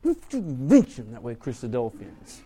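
A man voicing an embarrassed wife who scolds her husband in a sharp, hushed way. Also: mid-range voice, huge pitch swings, slow, slightly rough, exaggerated voice. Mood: scolding. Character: embarrassed wife hissing a warning.

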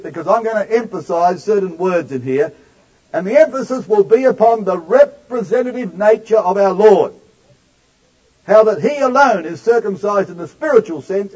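A male preacher delivering a sermon, addressing the congregation directly and slowing down to stress key words. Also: high voice, darkish tone, breathy edge, muffled recording.

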